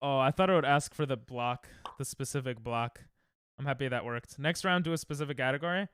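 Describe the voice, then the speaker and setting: A young man streaming casually, reacting excitably and thinking aloud while he plays, sounding tired. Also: medium pitch, a little fast, smooth, no room sound, clean studio sound. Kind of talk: casual live-stream chat while playing games.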